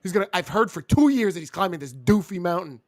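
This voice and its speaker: High-pitched man ranting loudly. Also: expressive, fast talker, dry recording, studio quality. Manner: loud, exasperated ranting, mocking voices. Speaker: wrestling show co-host. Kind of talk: ranting casual chat.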